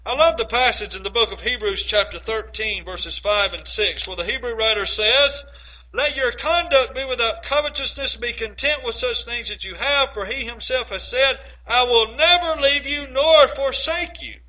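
A man preaching a sermon and reading scripture aloud, emphatic, stretching key phrases slowly and putting rhetorical questions to his listeners. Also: very high-pitched, pushed and bright, rough recording. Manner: asks the congregation rhetorical questions.

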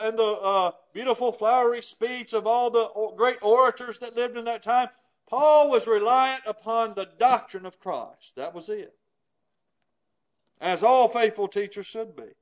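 A man's voice: very high voice, poor audio. A man preaching a sermon in an earnest, emphatic way, often asking rhetorical questions.

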